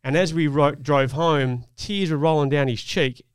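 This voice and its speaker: A man's voice: a little high, moderate pace, smooth, no echo, clean studio sound. A man, telling a personal parenting story in an earnest, reflective way on a casual podcast. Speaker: podcast co-host. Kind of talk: casual chat.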